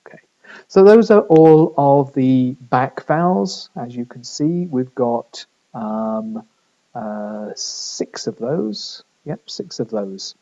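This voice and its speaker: A man's voice: mid-range voice, lively intonation, slow, mellow, dull audio. A man from the middle of England with a northern English accent, giving a recorded lecture with many fillers and restarts. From Midlands of England. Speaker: linguistics lecturer.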